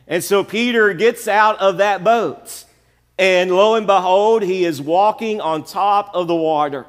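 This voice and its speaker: A man's voice: high-pitched, a little slow, clear, resonant tone. A man preaching a sermon as pastor, building repeated phrases and asking the congregation "amen?". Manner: preacherly, repetitive calls of "amen?". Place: church sanctuary. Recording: long church reverb.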